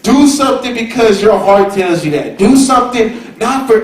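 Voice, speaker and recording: A man's voice: sits high, big pitch swings, moderate pace, few pauses. A man from the California Bay Area giving a rambling, slang-heavy informal lecture to students in a university hall, repeating himself often. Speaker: guest speaker. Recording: echoey hall, recorded from far off. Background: audience murmur.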